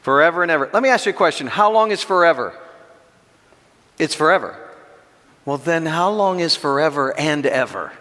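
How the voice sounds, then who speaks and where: A middle-aged man teaching a Bible class as a pastor, emphatic, posing rhetorical questions and slowing down to stress key points. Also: a little high, expressive, sharp tone. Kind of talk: expository sermon teaching. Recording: long reverb of a church hall.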